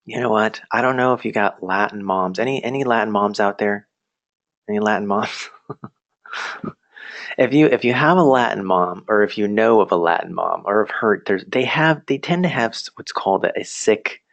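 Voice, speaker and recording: Chatty, lower-voiced man telling a story. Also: moderate pace, gravelly, fairly bright tone, no echo. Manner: chatty and self-deprecating, laughs often, asks the audience questions. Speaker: presenter telling a personal story. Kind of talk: storytelling presentation to a virtual class.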